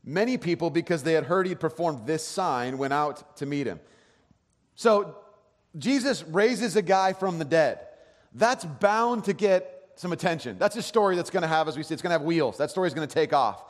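A man preaching in a long, echoing hall, his voice sitting a little high for a man. He talks conversationally and animatedly, moving between louder bursts and quiet asides. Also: expressive, moderate pace. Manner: conversational, checks in with the audience. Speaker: pastor. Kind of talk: sermon.

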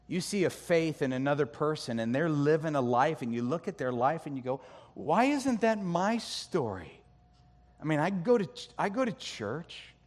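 A middle-aged man preaching a sermon, animated and jokey, acting out complaints with his voice climbing higher. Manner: animated, jokey, acts out complaints with rising pitch. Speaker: pastor. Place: church sanctuary. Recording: long reverb of a large hall.

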